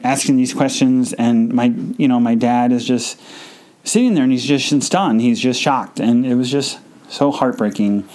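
A man hosting a podcast, telling a personal story in a halting, emotional way with many restarts, grieving and tearful. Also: medium pitch, warm tone, clean tone. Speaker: podcast host.

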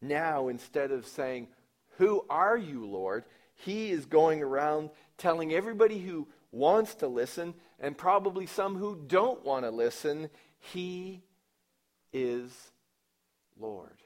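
A man preaching a sermon at a slow, deliberate pace. He questions his listeners and acts out quoted lines. His delivery swings from loud, emphatic declarations down to low, quiet asides. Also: animated. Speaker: pastor.

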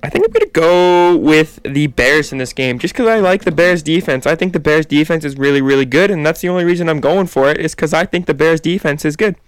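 A man's voice: on the high side, lively intonation, a little fast, hardly any pauses, smooth. A man, making confident football picks in a casual sports podcast chat. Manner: confident, opinionated, talks in long runs.

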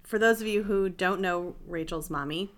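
A woman's voice: fairly low pitch, normal speed, noisy background. A middle-aged woman, a health and life coach, telling her story in a chatty, rambling, self-deprecating way as a podcast guest. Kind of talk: casual interview storytelling.

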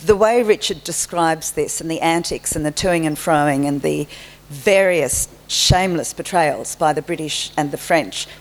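A woman interviewing an author, asking measured, prompting questions. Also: sits low. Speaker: interviewer host.

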